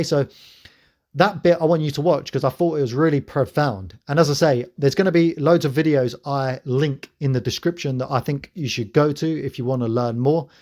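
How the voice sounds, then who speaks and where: A man's voice: fairly high pitch, darkish tone. A man hosting his own channel, giving an earnest, preachy spiritual monologue to camera. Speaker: channel host.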